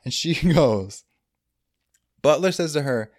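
Lively young-sounding man chatting about a movie. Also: fairly high pitch, takes it slowly, long pauses, no echo, studio quality. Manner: enthusiastic, heavy use of "like" and "dude". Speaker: podcast co-host. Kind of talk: casual movie review chat.

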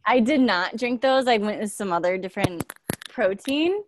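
A woman's voice: mid-range voice, animated, normal speed, background noise. A young woman in casual chat, telling candid personal stories and saying "like" a lot. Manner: candid, lots of "like", emotional storytelling.

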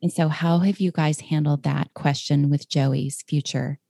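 A woman hosting a podcast who asks measured, gentle questions. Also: low voice, fairly even intonation, vocal fry, dry recording. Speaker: podcast host. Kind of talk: interview questions.

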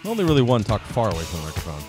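A man's voice: fairly low pitch, huge pitch swings, racing, over music. A man co-hosting a casual podcast, rambling and self-mocking, often restarting his sentences. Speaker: podcast co-host. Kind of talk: casual chat.

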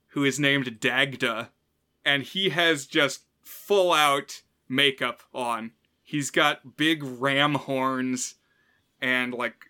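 Bright, sharp-toned joking man. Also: mid-range voice. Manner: upbeat, joking, quick asides. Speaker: podcast co-host. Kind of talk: casual chat.

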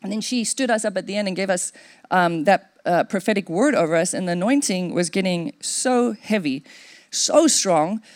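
A woman pastor telling a personal testimony in a sermon, chatty and animated, her voice leaping up as she relives the moment. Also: normal speed, no echo, clean studio sound. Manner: animated storytelling with big pitch swings and laughter; conversational, chatty with fillers.

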